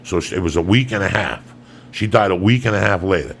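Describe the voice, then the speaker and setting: Gravelly, profane podcast host telling stories. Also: male voice, low voice, fast, a little hiss or hum. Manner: profane, animated storyteller who drops to hushed tones for quotes. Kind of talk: casual podcast storytelling.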